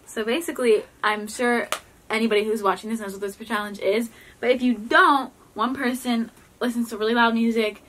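A woman co-hosting a casual video, chatting in an excitable, giggly way and laughing often. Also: fairly high pitch, a little fast, slight background noise. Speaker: co-host of a video channel. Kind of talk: casual chat.

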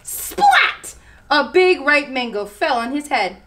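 At story time, a female children's librarian reads picture books aloud with animated expression. Her voice sits high and she speaks at a normal speed.

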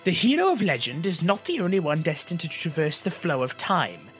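A man voicing an eccentric male mask seller in an audiobook, speaking in a high, sing-song, theatrical way. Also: very animated, brisk, fairly bright tone, faint music behind. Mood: ominous.

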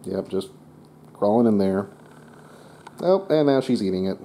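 A man's voice: lowish voice, expressive, unhurried, warm tone. A man co-hosting a casual unboxing vlog, joking around, swearing casually and exaggerating his complaints. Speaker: co-host unboxing a computer. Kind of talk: casual chat. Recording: echoey room with faint noise.

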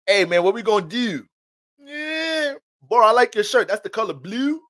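A man's voice: high-pitched, lively intonation, normal speed, fairly bright tone, voice pushed up. A man voicing a friendly young man from Baltimore with a Baltimore accent, chatty and playful.

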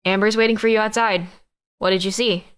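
Audiobook: stern, lecturing young brother, read by a woman, mid-pitched and steady. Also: fairly quick, clear, resonant tone, natural voice. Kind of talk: audiobook character reading.

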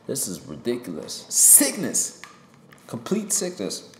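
A rapper giving a heated opinion monologue to camera from a home desk mic, swearing and jumping loud and high for emphasis. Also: male voice, wildly swooping pitch, slow pace, reverberant, a little hiss or hum. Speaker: rapper and commentator. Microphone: desk mic with pop filter.

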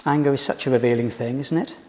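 A British man preaching a sermon in a church, telling the story in a measured way and posing rhetorical questions. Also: mid-range voice, a little mellow. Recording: reverberant church hall.

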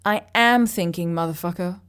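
A woman voicing a hot-tempered, defiant young man who shouts and swears. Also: fairly low pitch, moderate pace, clean tone, lightly acted. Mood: angry. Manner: shouting, spitting insults.

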